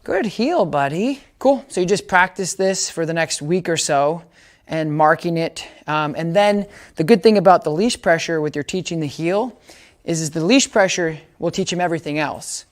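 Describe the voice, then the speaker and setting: A man's voice: on the high side, normal speed. A man giving a casual dog training demonstration, explaining each step and often checking that listeners follow.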